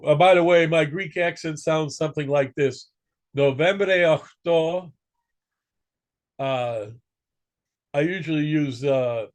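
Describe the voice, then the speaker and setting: A man with a slightly high, somewhat mellow voice teaches an amateur radio class. He's casual and chatty, cracking jokes and stopping now and then to correct himself as the instructor.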